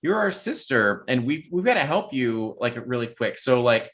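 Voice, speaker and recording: A man's voice: mid-range voice, big pitch swings, moderate pace, a bit bright. A man voicing a female oni in a tabletop game, speaking in a coaxing, insistent way. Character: pushy female oni, falsely sweet.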